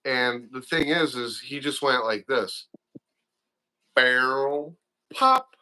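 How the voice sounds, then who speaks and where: A man chatting as an interview guest, telling fishing stories excitedly and acting out his own reactions. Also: mid-range voice, slow. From Wisconsin. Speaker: guest, father of a young angler. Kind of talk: casual chat, animated fishing stories.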